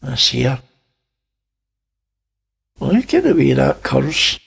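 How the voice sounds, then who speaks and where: A Scottish man talks slowly and deliberately, pointing things out one by one. His voice is gravelly with a husky edge, and he drops in dry jokes between observations. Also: medium pitch, very animated, fairly bright tone. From Scotland. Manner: slow, pointing things out, wry asides. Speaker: channel host. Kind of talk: narrating image analysis.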